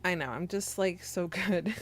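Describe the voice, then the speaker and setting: A woman's voice: fairly low pitch, unhurried. A young woman streamer chatting casually with her viewers, teasing and giggling as she reads the chat aloud.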